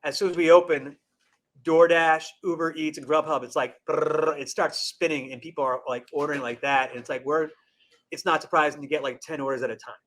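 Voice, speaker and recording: A man's voice: fairly high pitch, fairly even intonation, fairly quick, a bit bright. A man, a restaurant general manager, chatting casually in an interview and acting out customers' lines as he tells stories. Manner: rambling storyteller, acts out customers' lines.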